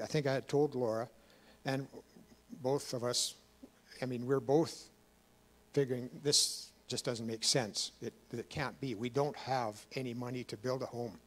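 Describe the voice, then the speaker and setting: A man giving a rambling, emotional personal testimony to a church, with many fillers and restarts. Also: mid-range voice. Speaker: guest speaker.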